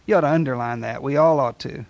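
A man's voice: mid-range voice, fast talker, vocal fry, darkish tone, no room sound, highs cut off. A man preaching a sermon, speaking emphatically and putting repeated rhetorical questions to his congregation.

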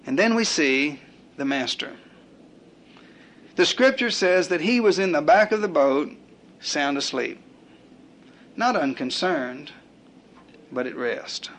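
A male preacher delivers a sermon at a slow, deliberate pace, letting pauses hang between his points. His voice sits a little higher than most men's. He builds through rhythmic repetition and acts out the prayers and complaints he quotes. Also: animated, a bit bright.

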